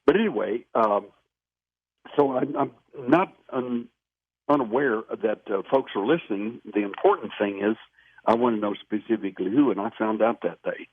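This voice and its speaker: Low-voiced male interview guest calling in on a dry, phone-like line; earnest, emphatic storyteller. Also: normal speed, husky, dry recording. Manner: earnest, emphatic anecdotal telling.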